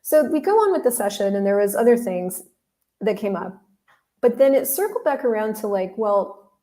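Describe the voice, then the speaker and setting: A woman's voice: mid-range voice, expressive, normal speed, dark tone. A woman hosting a podcast, telling a story in a casual, candid way, talking straight to her listeners and swearing now and then. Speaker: podcast host.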